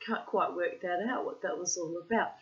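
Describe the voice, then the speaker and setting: A woman's voice: lowish voice, moderate pace. A middle-aged woman, telling a rambling anecdote in casual chat, full of asides. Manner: chatty and rambling, with frequent asides. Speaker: storyteller. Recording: dull lo-fi recording.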